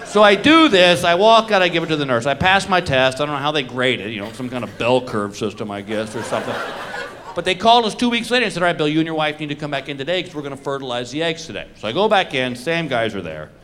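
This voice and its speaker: A man's voice: fairly high pitch, lively intonation, quick pace, fairly bright tone. A man doing a stand-up comedy routine on a club stage, telling a story with punchlines and brief acted quotes. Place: comedy club stage with live audience laughing. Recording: live club recording with audience noise.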